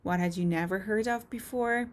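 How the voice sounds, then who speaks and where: A woman teaching a lesson to camera, explaining points clearly and methodically with frequent ums. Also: mid-range voice, moderate pace. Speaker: voice and speech teacher.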